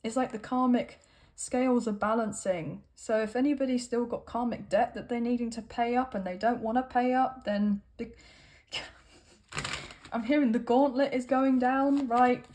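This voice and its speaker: Chatty lady doing a tarot reading, rambly, lots of um and right, voice sits a bit high. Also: fairly even intonation, a little slow, a little mellow. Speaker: tarot reader. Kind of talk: casual tarot reading to camera.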